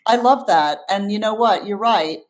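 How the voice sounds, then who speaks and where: A middle-aged woman with a mid-range voice speaks at a normal speed as a guest in a casual conversational interview. She comes across as earnest and reflective, with frequent fillers and restarts.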